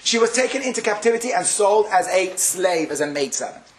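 A man giving a Torah lecture, telling stories with animated delivery and acting out the quotes. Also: a little fast, echoey room, low-quality recording. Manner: animated, acts out quotes with sharp pitch jumps. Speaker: rabbi giving a Torah class.

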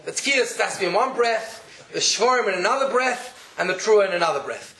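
A man with a high voice gives a religious law lecture and works through each step methodically, repeating it for his listeners. The room is echoey. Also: animated, a little fast, pushed and bright. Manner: methodical, repeats steps to explain. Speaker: teacher.

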